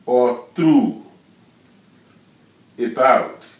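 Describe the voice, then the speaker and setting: Guy teaching words super slow, repeats every syllable, echoey room. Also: fairly high pitch, dull audio. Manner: drills syllables and tone names, repeating words slowly. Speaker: language teacher. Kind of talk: slow, patient pronunciation lesson.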